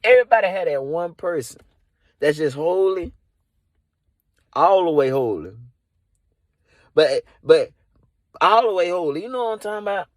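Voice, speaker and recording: A man's voice: sits high, animated, normal speed, pauses often, no echo. Man, improv comic, rambling, filler-heavy, inside a car, dry sound. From Dallas area. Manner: rambling, loaded with "you know" and "like". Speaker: comedian. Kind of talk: improvised comedy monologue.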